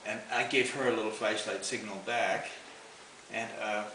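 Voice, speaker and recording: A man's voice: fairly low pitch, fairly even intonation, normal speed, pushed and bright. A man telling a long story in a rambling, folksy way, chuckling as he goes. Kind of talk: casual spoken storytelling. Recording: roomy, distant, noisy home recording.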